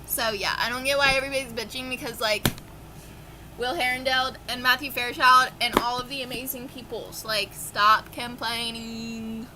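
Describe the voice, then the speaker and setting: A woman's voice: on the high side, steady tone, moderate pace, noisy background. A young woman with a dry, coughing throat, gushing and swearing casually as she chats through her monthly reading wrap-up for her book vlog. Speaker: book vlogger.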